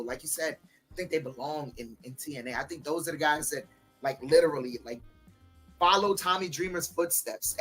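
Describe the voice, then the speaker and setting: A man's voice: fairly high pitch, a bit bright. A man co-hosting a podcast, giving his opinion in an earnest, repetitive way, as if thinking aloud. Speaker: podcast co-host. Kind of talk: casual opinion chat.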